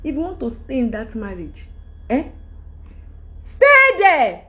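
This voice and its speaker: A middle-aged Nigerian-accented woman lectures her followers live through her phone. Her voice sits high and leaps all over the place, and she keeps breaking into loud, preachy outbursts. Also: huge pitch swings, slow pace. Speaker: livestream host. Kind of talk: unscripted rant on a live stream.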